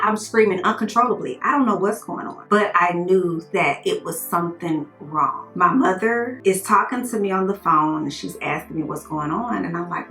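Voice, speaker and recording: A woman's voice: lowish voice, normal speed, soft background music. Earnest woman telling her story, roomy sound. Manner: earnest, animated retelling with quoted dialogue. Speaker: vlogger telling a personal story. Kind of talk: casual storytime monologue.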